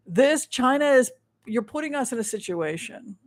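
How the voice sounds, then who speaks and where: A man's voice: extremely high pitch, expressive, a little slow, a bit bright, no echo. A man hosting a livestream of psychic readings and tarot commentary. He rambles with many restarts and makes his points with emphasis. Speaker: psychic show host.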